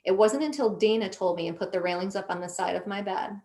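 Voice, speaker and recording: A woman's voice: mid-range voice, fast talker, dark tone. A middle-aged woman, a guest on a conversational show, telling a personal story earnestly and emotionally, with frequent restarts.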